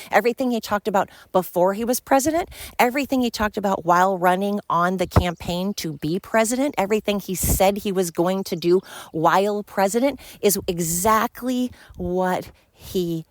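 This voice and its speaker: A woman's voice: medium pitch, dry recording. A woman in her fifties hosting a solo podcast, ranting in a heated, emphatic way, swearing and repeating words for emphasis. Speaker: podcast host. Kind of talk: opinionated solo podcast rant.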